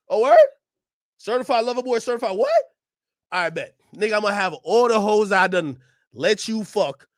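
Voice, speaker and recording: A man ranting loudly and profanely to his chat during a live stream reaction. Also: sits high, creaky, no room sound, studio quality. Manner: loud, profane ranting, often shouting; talks to his chat and laughs between bits.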